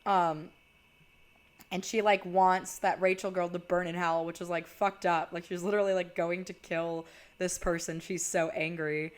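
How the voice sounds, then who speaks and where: A woman's voice: fairly low pitch, flat delivery, moderate pace. A young woman casually retelling a horror movie's plot, chatty and full of "like". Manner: chatty, heavy use of "like". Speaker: video creator.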